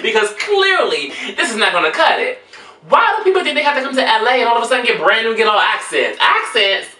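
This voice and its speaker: A woman's voice: fairly high pitch, very animated, fast talker, pushed and bright, roomy sound, recorded from a distance. A woman telling a sassy story as a rant to her viewers, brassy and dramatic, calling them honey. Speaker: vlogger.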